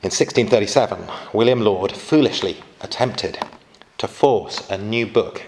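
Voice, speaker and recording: A man's voice: lowish voice, normal speed, a little mellow, slight background noise. A man giving an informal church history lecture, adding chatty asides and asking his listeners questions.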